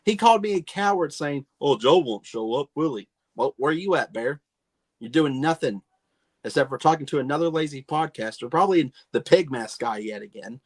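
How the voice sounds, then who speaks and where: A man cuts a heated, mock-heel promo on a podcast roundtable, all bravado and challenge. His voice sits a little higher than most men's, and he hammers each point home with swagger. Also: expressive, brisk. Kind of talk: heated wrestling-promo rant.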